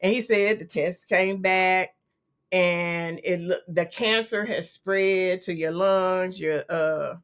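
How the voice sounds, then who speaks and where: A woman's voice: fairly low pitch, steady tone, slow pace, clean tone. A middle-aged woman co-hosting a podcast, telling a family story in an earnest, vivid way with frequent restarts. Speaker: podcast co-host. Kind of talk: casual conversation.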